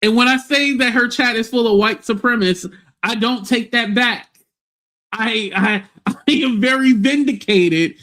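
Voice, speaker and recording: A man's voice: very high voice, normal speed, pushed and bright. A man hosting a livestream, ranting bluntly and scornfully with plenty of profanity. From United States. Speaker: livestream host. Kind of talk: casual livestream rant.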